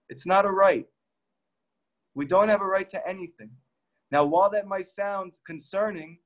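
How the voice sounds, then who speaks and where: A man, a rabbi, giving an earnest and emphatic Torah teaching talk that drives home each point by repeating it. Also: high-pitched.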